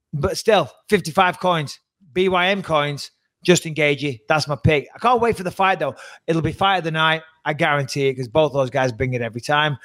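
Animated, teasing podcast host man. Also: fairly high pitch. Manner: animated, teasing, talks with emphatic repetition. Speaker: podcast co-host and fight pundit. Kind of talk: casual podcast chat.

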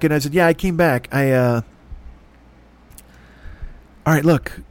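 A man's voice: on the high side, a little slow, pauses often. Exasperated man ranting. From Chicago. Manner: profane, exasperated, acts out both sides of the argument. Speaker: podcast host. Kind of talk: ranting storytelling.

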